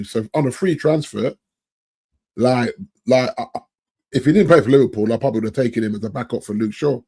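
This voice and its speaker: A man's voice: mid-range voice, fast, warm tone, slightly rough. A man talking as a guest on a casual football podcast, easygoing, often restarting his sentences.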